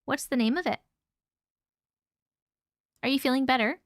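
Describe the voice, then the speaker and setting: A woman's voice: high voice, moderate pace, dry recording, studio quality. A woman hosting a casual livestream, chatting and reading chat aloud, swearing casually, her voice strained and fading. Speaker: livestream host reading viewer stories.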